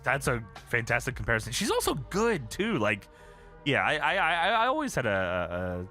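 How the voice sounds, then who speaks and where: A man's voice: mid-range voice, wildly swooping pitch, normal speed, sharp tone, faint music behind. A man co-hosting a casual livestream, recapping wrestling storylines and laughing often. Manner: laughs often, recounts scenes with quoted voices. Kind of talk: casual profane chat.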